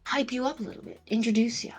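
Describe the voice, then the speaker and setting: A woman's voice: a little high, steady tone, fast talker, pitched above the performer's own voice. A woman voicing a chatty young male hustler with wheedling salesman patter, in a tabletop game. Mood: scheming.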